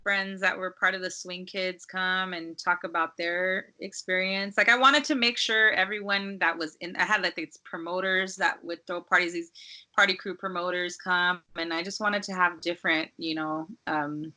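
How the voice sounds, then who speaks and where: A woman from Los Angeles, a DJ, chatting casually as a podcast guest in a relaxed, rambling way full of "like" and "um.". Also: on the low side. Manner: relaxed, rambling, heavy use of "like" and "um".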